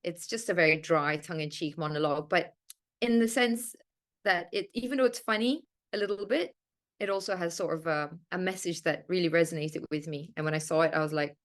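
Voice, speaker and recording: A woman's voice: fairly low pitch, brisk, fairly bright tone, dry recording, studio quality. Emphatic woman from Malaysia. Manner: emphatic, encouraging. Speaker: guest, actress. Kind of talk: casual interview talk. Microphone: remote recording.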